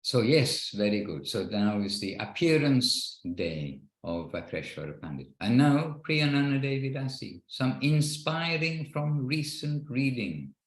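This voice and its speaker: A man's voice: medium pitch, very animated, a little slow, few pauses, echoey room, low-quality recording. A man leading an online devotional class over a video call, talking in an earnest, rambling way with frequent restarts. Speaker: class leader. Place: home in Wexford, Ireland, on a video call.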